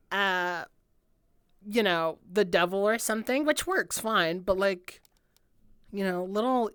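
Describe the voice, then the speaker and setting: A woman's voice: mid-range voice, clean tone, no echo. Woman, streamer, casual improvised breakdown, rambling, swears a lot, resonant voice, dead-dry room. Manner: rambling, lots of "like" fillers, swears freely. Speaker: streamer reacting to an album.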